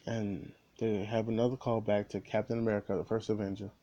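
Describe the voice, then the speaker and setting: Brief: male movie reviewer, lowish warm voice, animated scene-by-scene retelling with stumbles. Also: brisk, muffled recording. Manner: animated retelling, frequent restarts and repeated words. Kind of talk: casual spoiler recap.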